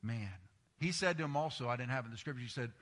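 Preaching a sermon in a large, echoing hall, a middle-aged pastor speaks quickly in a medium-pitched, slightly bright voice. He tells animated stories and acts out the voices of the people he quotes.

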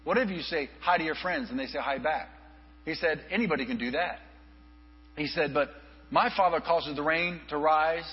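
A male pastor telling an animated story in a sermon, acting out the people he quotes. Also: a little high, slightly rough. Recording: reverberant hall, dull lo-fi with mains hum.

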